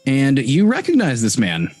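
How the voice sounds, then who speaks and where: A man's voice: medium pitch, huge pitch swings, measured pace, darkish tone, no echo, faint music behind. A man narrating as game master of a tabletop game, rambling with many restarts and fillers.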